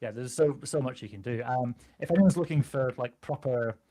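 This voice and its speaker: Lively man, laughing. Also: mid-range voice, fairly quick. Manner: animated, laughs often, slips into character voices. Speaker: guest game master. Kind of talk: casual chat about voice acting.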